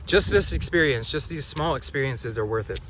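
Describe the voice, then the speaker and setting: A man speaking slowly and softly in a reflective spiritual vlog, recorded outdoors. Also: medium pitch, lively intonation, a little hiss or hum. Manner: slow, soft, dreamy and reflective. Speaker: vlogger.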